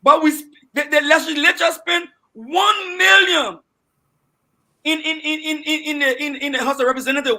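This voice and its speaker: Liberian male panelist, young, emotional, stammering, high sharp voice. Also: fairly even intonation, normal speed. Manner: emotional, repeats words, rises to shouting. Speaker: debate panelist. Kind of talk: heated panel debate.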